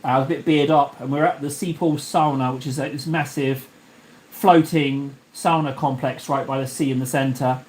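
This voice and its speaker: A man's voice: medium pitch, steady tone, moderate pace, a little mellow. A man from Cornwall chatting casually on a live stream while painting miniatures, rambling, joking and talking to viewers. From Cornwall, England. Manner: jokey, rambling, talks to chat.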